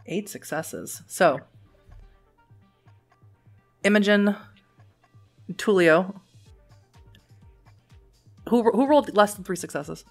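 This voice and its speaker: A woman's voice: mid-range voice, animated, slow, creaky, long pauses, soft background music. A woman running a tabletop game as game master, narrating events and explaining rules in a matter-of-fact way.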